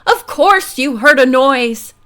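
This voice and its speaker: A furious little bus driver, put on by a woman reader, shouts every word in outrage. His voice climbs high and loud, dragging out his complaints. It is an indignant storybook figure, all bluster and wounded pride. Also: animated, normal speed. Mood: indignant shouting.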